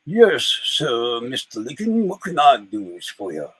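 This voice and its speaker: A man's voice: mid-range voice, wildly swooping pitch, measured pace, husky, pitched below the performer's own voice, full character voice, poor audio. A man doing a formal old-time general. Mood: polite. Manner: polite, formal.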